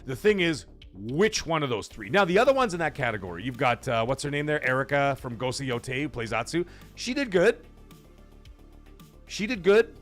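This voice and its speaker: A man's voice: mid-range voice, animated, fast talker, hardly any pauses, fairly bright tone, faint music behind. A man hosting a casual live-streamed podcast from home, rambling and chatty as he reads out viewer comments. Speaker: livestream podcast host.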